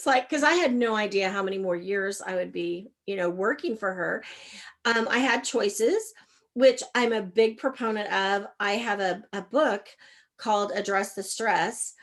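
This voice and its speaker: Expressive middle-aged woman telling a story. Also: measured pace. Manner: animated, acts out quoted exchanges with shifts in pitch and loudness. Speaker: guest, leadership coach. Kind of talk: candid personal storytelling in an interview.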